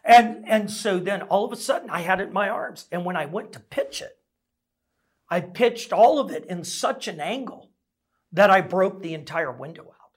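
A man's voice: high voice, lively intonation, moderate pace, husky. A middle-aged man preaching a sermon as a pastor, telling stories in a conversational, self-deprecating way.

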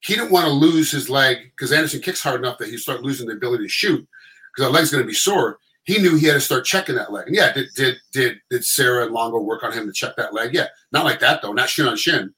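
A middle-aged man telling stories in a quick, tumbling rush. His tone is bright and forceful. He acts out what others said in animated voices. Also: mid-range voice, poor audio. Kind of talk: casual storytelling chat.

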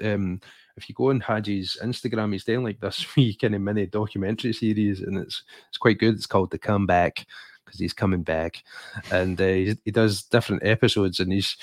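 A man's voice: lowish voice, no echo. A Scottish man co-hosting a podcast, chatting about football in a rambling, enthusiastic way full of fillers. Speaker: podcast co-host. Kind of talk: casual chat.

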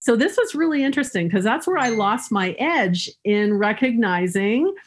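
A woman's voice: on the high side, lively intonation, normal speed. A woman guest in an interview, telling personal stories in an upbeat, humorous way and often laughing. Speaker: guest speaker. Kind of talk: storytelling in an interview.

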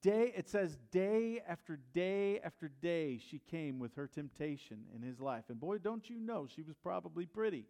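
Male pastor, fairly high voice, storytelling sermon, questions the congregation. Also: expressive, normal speed, hardly any pauses, dark tone.

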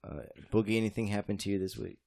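A man's voice: lowish voice, fairly even intonation, fast, gravelly, dark tone. A man in his late twenties co-hosting a podcast, teasing and mocking his friends. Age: 20s. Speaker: podcast co-host. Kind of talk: casual chat.

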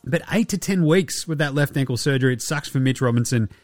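A young Australian man runs a casual basketball podcast, talking quickly in a medium-pitched, slightly mellow voice. He's sarcastic, swears a lot and often mimics people in mocking voices. The recording is dry, with soft background music.

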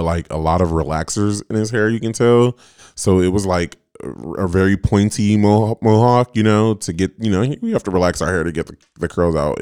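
Guy in his late 20s hosting a podcast, lowish smooth voice, dry close mic, swears a lot and says like constantly. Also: a little mellow, dry recording. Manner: rambling and profane, full of "like" fillers. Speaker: podcast host. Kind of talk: casual podcast storytelling.

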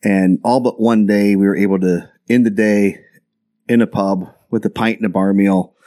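Male guest, American, low voice, rambling anecdotal storyteller. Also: steady tone, normal speed, warm tone. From United States. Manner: rambling, anecdotal, many restarts. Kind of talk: casual storytelling chat.

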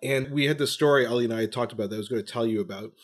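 A man's voice: mid-range voice, rapid-fire. A man hosting a podcast, explaining things in a thoughtful, conversational way. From Canada. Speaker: podcast host and physician.

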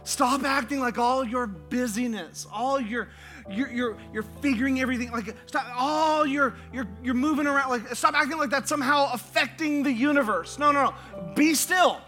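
A man preaching a sermon as pastor, animated and full of "like", leading the congregation in spoken declarations. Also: very high voice, moderate pace, soft background music. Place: church auditorium.

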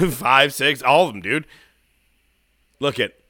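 A man co-hosting a casual wrestling podcast, animated and laughing often as he acts out quotes. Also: medium pitch, takes it slowly, no echo, clean studio sound. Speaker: podcast co-host.

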